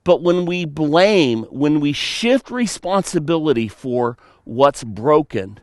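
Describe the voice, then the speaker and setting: A man preaching a sermon as pastor, animated, telling stories and slipping into playful mock voices. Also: a little high, no echo, studio quality.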